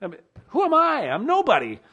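A man's voice: high voice, big pitch swings, moderate pace, a bit bright, lo-fi sound. A preacher acting out an overwhelmed ancient male leader who pleads in exasperated, self-doubting outbursts. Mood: pleading.

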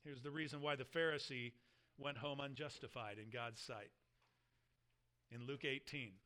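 A man's voice: medium pitch, steady tone, moderate pace, pushed and bright. A man preaching a sermon, explaining scripture verse by verse and reading passages aloud with earnest emphasis. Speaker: pastor.

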